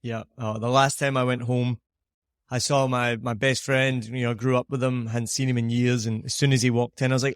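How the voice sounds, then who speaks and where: A Scottish man hosting a podcast, telling rambling stories and laughing along. His voice sits at a middle pitch. The sound is dry and close, with no room echo. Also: flat delivery, fairly quick, clear, resonant tone. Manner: chatty storyteller, laughs often. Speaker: podcast host. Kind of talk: casual podcast conversation.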